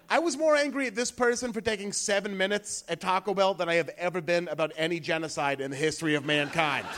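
High bright-voiced stand-up comedian. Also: male voice. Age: 30s. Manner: conversational, rising into shouted rants. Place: comedy club stage before a laughing audience.

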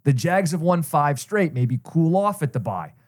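Betting podcast guy, slightly high voice, teasing his cohost, laughs a lot, then breaks down picks step by step. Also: very animated, moderate pace, darkish tone. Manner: teasing, laughs often, lays out picks in an orderly way. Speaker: sports betting podcast co-host. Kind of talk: casual sports betting chat.

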